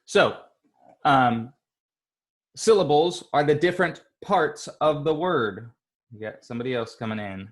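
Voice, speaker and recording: A male teacher leading an online class, speaking slowly and patiently and encouraging the children. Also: fairly high pitch, expressive. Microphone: computer mic on a video call.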